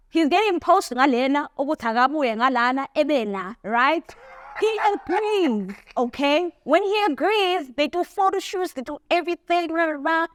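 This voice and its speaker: High-voiced woman host. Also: no echo. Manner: chatty, quick, mixes in isiZulu phrases. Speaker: show host. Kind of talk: casual interview.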